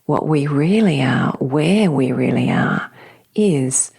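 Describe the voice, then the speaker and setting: Low husky woman, slow gentle spiritual podcast talk, lots of whispery bits. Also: expressive. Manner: soft, slow, often whispery and emotional. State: tearful at times. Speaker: podcast host.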